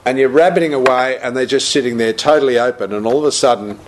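Older man, Buddhist teacher, lively storytelling, acts out voices. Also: mid-range voice, fast, background noise. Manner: animated anecdotal storyteller, acts out quotes, laughs. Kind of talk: storytelling talk.

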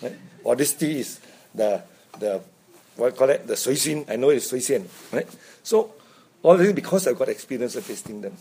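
A man's voice: mid-range voice, lively intonation, moderate pace, mellow, slightly rough. A man giving an informal Buddhist dharma talk, chatty, chuckling often and checking in with "right?". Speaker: Buddhist teacher.

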